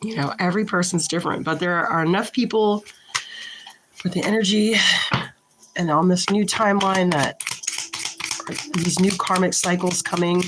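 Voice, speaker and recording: The recording is low quality with a bit of hiss or hum, capturing a woman's lowish voice. She's a tarot reader doing a casual reading to camera, frank and a little annoyed, pausing haltingly and thinking aloud as she shuffles and pulls cards.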